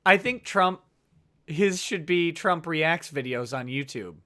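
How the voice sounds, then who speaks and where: A man's voice: on the high side, expressive, takes it slowly, a bit bright. Chatty man hosting a livestream. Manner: chatty, laughs often, riffs on jokes. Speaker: host. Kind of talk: casual livestream chat.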